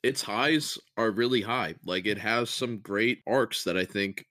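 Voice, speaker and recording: A man's voice: on the low side, measured pace, sharp tone, no room sound, clean studio sound. A man on a casual podcast chat, rambling through his opinions. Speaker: podcast co-host.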